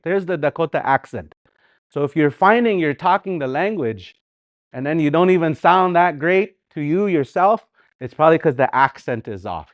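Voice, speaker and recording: Animated man teaching a language class. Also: fairly high pitch, dry recording, highs cut off. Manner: animated, repeats words slowly for practice; sings and hums phrases to show the tune.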